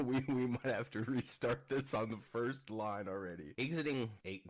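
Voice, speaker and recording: A man's voice: fairly low pitch, normal speed. A man joking around between takes while recording narration, goofy and profane, breaking into laughter and silly voices.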